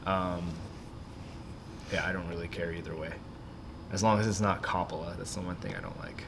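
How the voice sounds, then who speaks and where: A man with a lowish voice co-hosts a podcast in a relaxed, chatty way, leaning on fillers as he talks. There is a steady hiss of background noise under the recording. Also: normal speed, gravelly. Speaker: podcast co-host. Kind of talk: casual chat.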